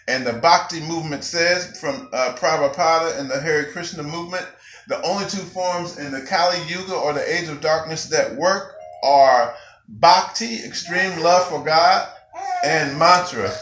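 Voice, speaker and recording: A man teaching a spiritual gathering as a Sufi teacher, with an animated, emphatic, preacher-like delivery. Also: fairly high pitch. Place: gathering room with audience. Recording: roomy hall with faint music.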